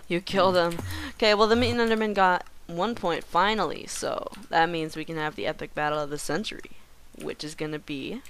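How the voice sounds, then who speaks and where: Faint music plays as a woman casually narrates her gameplay, teasing the game's creatures and erupting in excited shouts. She speaks in a lowish voice, a little fast, with few pauses.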